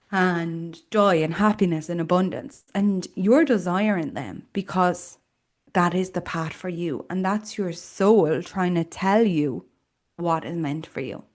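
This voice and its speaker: An Irish woman hosts a podcast, speaking in a lowish, darkish voice at a slightly slow pace. Her personal monologue is earnest and reflective, sprinkled with casual fillers.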